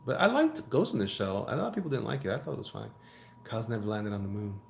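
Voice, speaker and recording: This comic artist talks fast while drawing on a live stream, his lowish, creaky voice swinging widely in pitch. Rambling and jokey, he reads out viewer comments and riffs off them, in a roomy space with a bit of hiss or hum.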